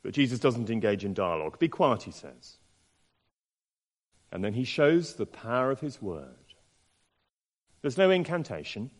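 A man preaching a sermon in an expressive way, asking the listeners many rhetorical questions. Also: on the low side. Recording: long reverb in a large hall.

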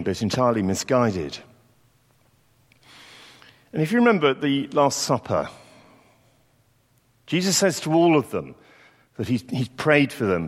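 Male preacher, mid pitch, storytelling sermon, long church reverb. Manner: reflective, storytelling delivery with acted quotes.

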